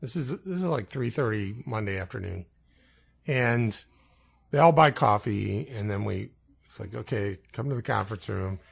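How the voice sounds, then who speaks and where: A man's voice: fairly low pitch, normal speed, gravelly, slightly rough. A man co-hosting a podcast, telling a story in a casual, laughing way. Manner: laughing, animated anecdote telling. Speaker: podcast co-host.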